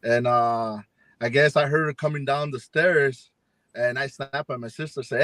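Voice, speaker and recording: A man with a fairly high voice tells a spooky story in a loose, rambling way. He acts out what people said and fills his speech with lots of fillers. The sound is dry, as if on a video call. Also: normal speed, fairly bright tone, no echo. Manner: rambling, acts out quoted dialogue with many fillers. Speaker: paranormal investigator guest. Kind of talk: casual storytelling on a live chat.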